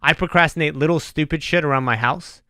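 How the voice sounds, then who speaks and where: A man hosting a podcast, rambling through jokey, animated tangents in casual chat. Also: on the high side, fast talker, clean tone, dry recording, clean studio sound. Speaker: podcast host.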